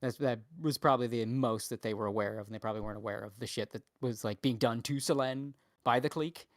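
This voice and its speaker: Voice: medium pitch, quick pace, no room sound. A podcast co-host in casual chat, rambling and swearing, often laughing.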